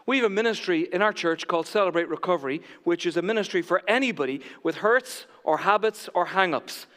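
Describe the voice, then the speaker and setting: A man preaching a sermon from the pulpit, moving between loud proclamation and hushed near-whispers. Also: sits high, fairly quick, long reverb tail. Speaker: pastor. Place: church sanctuary.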